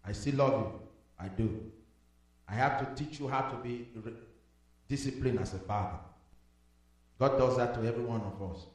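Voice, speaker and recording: A man's voice: medium pitch, normal speed, pauses often, distant mic. Man preaching in an echoey church. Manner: emphatic, repeats declarations, swings from soft to loud. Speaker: pastor. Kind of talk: sermon with prayer and blessing. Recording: echoey hall with music behind.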